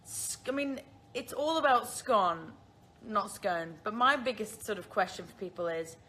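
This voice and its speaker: A woman from the Isle of Man, in her twenties with a British accent, fields viewer questions during a relaxed phone livestream, often laughing at her own expense. She speaks at a moderate pace with a fairly high pitch, lively intonation, and a sharp tone, with slight background noise.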